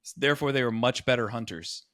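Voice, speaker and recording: A man's voice: mid-range voice, fast, fairly bright tone, dry recording, studio quality. A man co-hosting a podcast, talking casually and with enthusiasm, rambling with many restarts. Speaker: podcast co-host. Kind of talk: casual chat.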